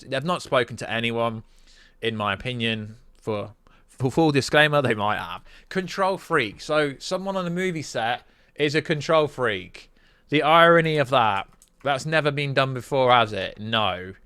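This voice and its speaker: A young British man hosting a casual film news vlog, sarcastic and animated, rambling as he debunks a story. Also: mid-range voice, clean tone, no room sound. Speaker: YouTube film news host.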